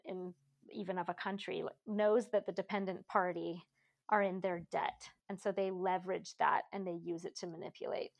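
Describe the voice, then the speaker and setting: A woman's voice: medium pitch, gravelly. A woman co-hosting a podcast, reflecting aloud and analytically in a casual book discussion. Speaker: podcast co-host discussing literature.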